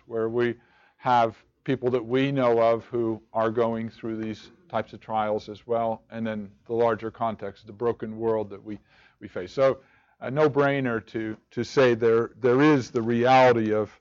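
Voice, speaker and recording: A man's voice: medium pitch, little pitch movement, measured pace, a little mellow, highs cut off. A man leading a church study group, asking rhetorical questions and often restarting his words. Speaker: Bible study teacher. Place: room with a group of listeners.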